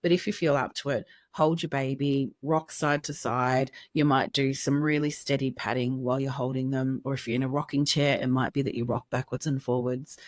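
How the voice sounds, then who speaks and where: A woman with an Australian accent, a podcast co-host and sleep practitioner, giving calm, reassuring parenting advice. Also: very deep voice, a little fast, few pauses, no echo, clean studio sound. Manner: gentle, reassuring, steady. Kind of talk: advice chat.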